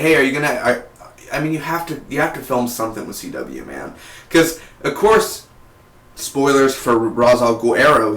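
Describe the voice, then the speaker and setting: A young man casually reviewing a TV episode, rambling and excitable, with lots of "like" and "man". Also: medium pitch. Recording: echoey room.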